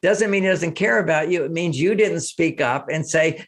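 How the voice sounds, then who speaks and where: An older man with a somewhat high voice talks casually as a guest in an interview. He gets animated and acts out quoted speech to make his point. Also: moderate pace, few pauses. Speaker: relationship author, guest.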